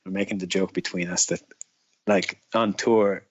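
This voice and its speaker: Husky low-voiced man rambling casually. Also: steady tone, normal speed. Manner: rambling, leans heavily on "like". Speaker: guest musician. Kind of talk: casual storytelling. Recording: dull lo-fi sound.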